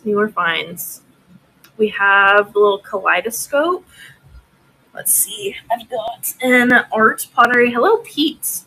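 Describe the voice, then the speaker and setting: Bright, chatty woman selling live. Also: on the high side, rough recording. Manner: chatty, laughs often, talks to viewers by name. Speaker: live auction seller. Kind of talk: casual live-stream selling chat.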